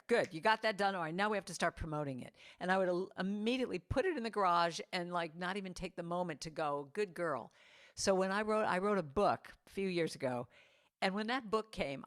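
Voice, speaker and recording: A middle-aged woman giving a spiritual talk to a congregation over a video call, animated and playful, acting out the quotes she tells. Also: medium pitch. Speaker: guest speaker and singer.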